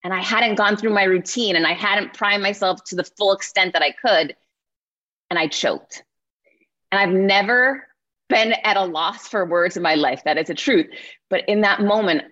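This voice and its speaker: A woman in her forties giving an energetic motivational keynote, often checking in with her listeners. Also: fairly low pitch. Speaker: keynote speaker. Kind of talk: motivational speech. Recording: slightly muffled lo-fi sound.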